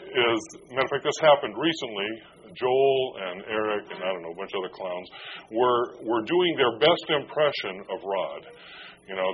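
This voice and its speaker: A man's voice: lowish voice, a bit bright. A man preaching a conversational sermon as a pastor, joking and self-deprecating as he goes. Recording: dull lo-fi with faint noise.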